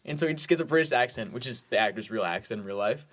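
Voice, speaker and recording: A man's voice: mid-range voice, lively intonation, very fast, a bit bright. A man co-hosting a movie podcast, chatting casually and eagerly with lots of "like"s as he recaps films. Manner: enthusiastic, rambling with many "like"s. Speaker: podcast co-host.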